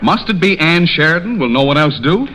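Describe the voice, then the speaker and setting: Host, male, lively sarcastic straight man, bright tense tone. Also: fairly high pitch, poor audio. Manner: teasing straight man, quick sarcastic comebacks. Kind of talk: 1930s radio comedy banter. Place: radio studio.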